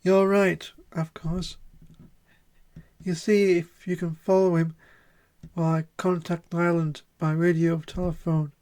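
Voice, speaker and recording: A man's voice: on the high side, flat delivery, unhurried, darkish tone, close to an everyday voice. A man voicing a nervous female music store clerk in a video game, stammering and trembling as he reads her lines aloud on stream. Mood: scheming.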